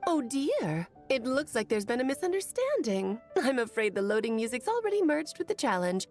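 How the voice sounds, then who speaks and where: A woman's voice: on the high side, big pitch swings, moderate pace, a little mellow, soft background music. A woman voicing a mischievous, theatrical witch who speaks with sweet, teasing grandness, in a video game.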